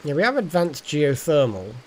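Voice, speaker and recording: A man's voice: a little high, very animated, normal speed, darkish tone. A man streaming a game live, chatting casually and thinking aloud as he plays. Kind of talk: casual live gameplay commentary.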